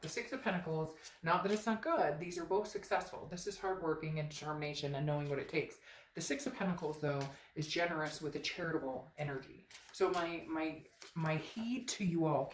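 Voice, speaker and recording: Low-voiced woman doing a chatty tarot reading. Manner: chatty and emphatic, addressing viewers directly. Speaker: tarot reader. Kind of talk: casual tarot reading to camera. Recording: roomy echo, faint background noise.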